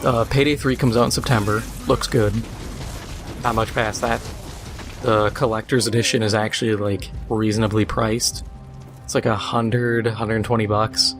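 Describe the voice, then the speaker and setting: A man's voice: fairly low pitch, steady tone, normal speed, music in the background. A man hosting a gaming video, chatting casually and sarcastically ranting while he plays.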